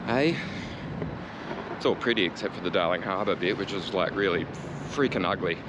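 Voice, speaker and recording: A lowish-voiced Australian man talks as he rides through the city, loose, chatty and quick to swear. His rants come out sarcastic, and street and traffic noise runs clearly underneath. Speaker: cycling vlogger. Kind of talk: casual ranting commentary while riding. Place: outdoors on a city street, riding a bike.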